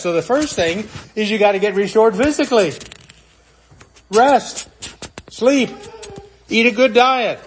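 Man, high voice, sermon, earnest, acts out scripture quotes. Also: a little hiss or hum. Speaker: preacher.

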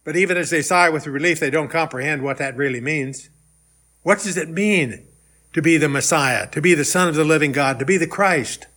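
Bright high-voiced man preaching. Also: a little fast. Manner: conversational, rising emphatic questions. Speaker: pastor. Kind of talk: sermon.

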